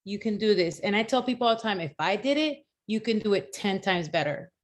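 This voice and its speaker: A woman's voice: medium pitch, lively intonation, a little fast. A woman recovering from surgery who talks earnestly and encouragingly on a video call from her couch, repeating her key points. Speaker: mastermind group member. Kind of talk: candid personal sharing on a video call. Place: home, on a couch.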